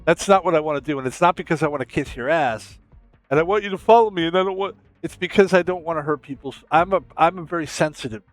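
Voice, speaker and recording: A man's voice: fairly high pitch, quick pace, dry recording, faint music behind. An American man streaming, talking in a rambling, casual way with some swearing. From United States. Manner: rambling, profane, self-promoting.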